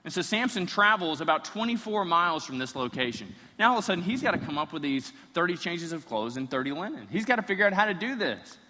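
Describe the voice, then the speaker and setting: A man preaching a sermon, retelling a story in an animated way with playful asides. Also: high voice, quick pace, hardly any pauses. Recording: reverberant hall.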